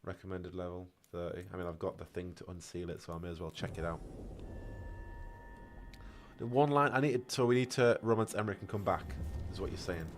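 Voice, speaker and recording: A man's voice: sits low, a little fast. A man streaming a video game, chatting casually, reacting to gameplay and reading out chat questions. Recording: faint background noise.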